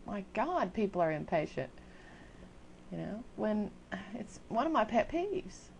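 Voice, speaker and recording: A woman's voice: medium pitch, very animated, a little slow, gravelly, a little mellow, a little hiss or hum. An older woman ranting casually into a webcam at home, chatty, exasperated and self-mocking. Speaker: video blogger. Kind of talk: casual rant to camera.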